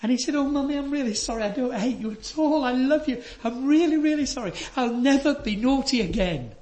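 A man's voice: very high-pitched, lively intonation, a little fast, dark tone, voice pushed up. A man voicing a sulky little boy who stamps off and then comes back pleading. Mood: tearful.

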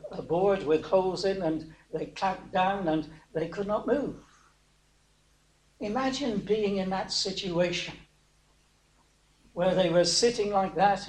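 Male preacher, high voice, halting sermon delivery with fillers, echoey room. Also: darkish tone. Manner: hesitant, many fillers, asks rhetorical questions. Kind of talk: sermon retelling a Bible story.

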